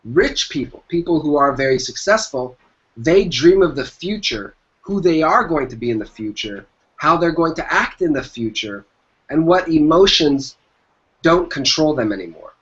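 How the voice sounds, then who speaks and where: The man speaks at a normal speed in a slightly high, expressive voice with a fairly bright tone. As the entrepreneur guest in an interview, he drives home motivational business advice emphatically, repeating his key phrases, on a dull lo-fi recording.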